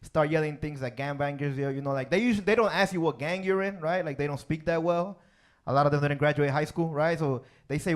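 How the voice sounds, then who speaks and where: A man's voice: a little high, lively intonation, a little fast. A male stand-up comedian from Chicago, telling stories on a club stage and tagging his lines with "right?" and "man". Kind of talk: stand-up set.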